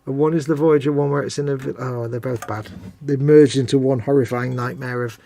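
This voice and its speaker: A man's voice: mid-range voice, steady tone, fairly quick, vocal fry, dark tone, slight background noise. A man co-hosting a casual live stream while painting miniatures, chatting and ranting with playful mock voices. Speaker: co-host.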